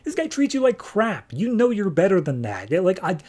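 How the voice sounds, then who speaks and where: A man's voice: animated, normal speed, a little mellow. Wonder Woman, as a man voices her. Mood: insistent. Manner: breezy, casual paraphrase with lifted pitch. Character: superheroine woman, upbeat and blunt.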